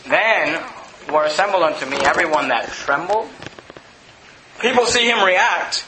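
High, bright-voiced impassioned preacher man. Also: expressive, a little slow, pauses often, roomy sound, slight background noise, poor audio. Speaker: pastor. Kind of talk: sermon. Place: church.

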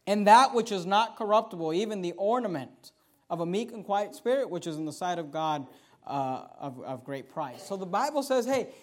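A man preaching a sermon, reading scripture slowly and swinging between quiet asides and emphatic, louder points. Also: sits high, expressive.

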